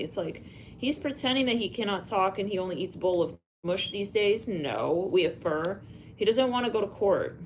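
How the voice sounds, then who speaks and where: A woman's voice: mid-range voice, expressive, normal speed, slight background noise. Rambling woman psychic reader. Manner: rambling, musing aloud with sighs and fillers; spells out letters and names. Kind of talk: live psychic channeling.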